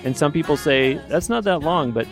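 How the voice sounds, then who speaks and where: A man's voice: fairly high pitch, lively intonation, a little fast, soft background music. A man hosting an interview podcast from a radio studio, upbeat and full of enthusiastic reactions. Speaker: podcast host.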